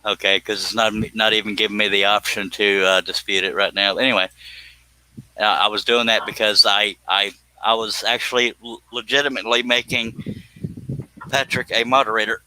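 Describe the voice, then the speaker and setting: Joking man with a bright voice. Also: fairly low pitch, flat delivery, normal speed, rough recording. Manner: joking, laughs often, thanks viewers by name. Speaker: live stream host. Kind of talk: casual live stream chat while woodworking.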